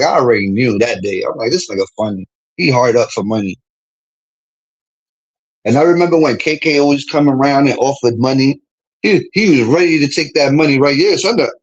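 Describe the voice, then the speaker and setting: A man's voice: fairly high pitch, husky, poor audio. A young man with a New York accent, a streamer from the Bronx, trash-talking in a casual, profane livestream rant and laughing between lines.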